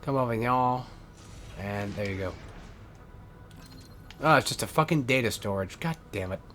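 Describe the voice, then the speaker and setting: A man's voice: mid-range voice, unhurried, a bit bright, slight background noise. A man giving rambling, casual gameplay commentary as a let's player, swearing often and correcting himself as he goes. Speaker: let's play gamer.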